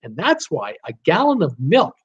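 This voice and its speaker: A middle-aged man from Canada hosting a live trivia stream in casual chat, animated and exasperated, with chuckling asides to his viewers. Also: on the high side, normal speed, breathy edge. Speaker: host of a live trivia show. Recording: slightly dull lo-fi sound.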